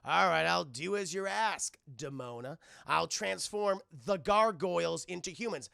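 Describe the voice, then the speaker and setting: A man's voice: sits high, unhurried, vocal fry, pushed and bright, dry recording, studio quality, exaggerated voice. A man quoting a lazy, sly male trickster spirit who whines and sulks, while recapping a cartoon. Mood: grudging. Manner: whiny, sulky, sly.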